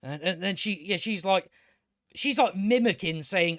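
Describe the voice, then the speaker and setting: A man's voice: high-pitched, animated, moderate pace, fairly bright tone, dry recording, clean studio sound. A man reviewing a TV episode in a rambling casual recap, sarcastic and profane, stumbling over restarts. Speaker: video reviewer.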